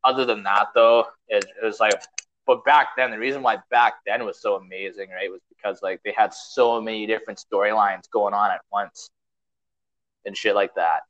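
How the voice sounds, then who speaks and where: A man's voice: lowish voice, fairly even intonation, moderate pace, a bit bright, muffled recording. A young man hosting a podcast, rambling in casual chat, swearing often and packing his talk with fillers. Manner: rambling, profane, full of fillers. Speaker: podcast host.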